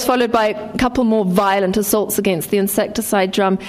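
A woman's voice: medium pitch, fairly even intonation, fairly quick, few pauses. A woman born in England reading her own memoir with dry wit, then talking about writing it. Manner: dry, wry storytelling.

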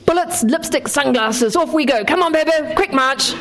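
A woman's voice: high-pitched, moderate pace, noisy background, pitched above the performer's own voice. A woman voicing a breezy, commanding mother who brooks no fuss. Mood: brisk. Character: brisk, unflappable mother, middle-aged.

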